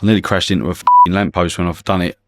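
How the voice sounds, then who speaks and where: A man's voice: low-pitched, steady tone, fast. A middle-aged man, telling swearing-laced anecdotes in a podcast interview and slipping into the voices of his passengers. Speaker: guest comedian and former cab driver.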